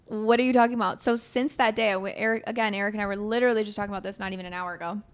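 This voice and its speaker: A young adult woman hosting a casual chat, telling stories in an animated way and swearing freely. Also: mid-range voice, rapid-fire, clear, resonant tone. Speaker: host.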